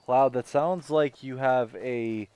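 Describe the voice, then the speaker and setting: A man's voice: mid-range voice, takes it slowly, darkish tone, smooth, muffled recording. A man streaming a game, chatting casually with viewers in a blunt, sweary manner. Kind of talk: casual gameplay commentary.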